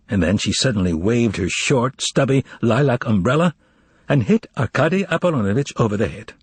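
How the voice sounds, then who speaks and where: Male audiobook narrator, expressive, husky, lively pitch, dry sound. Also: fairly quick, no room sound. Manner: expressive, voices the characters. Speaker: audiobook reader.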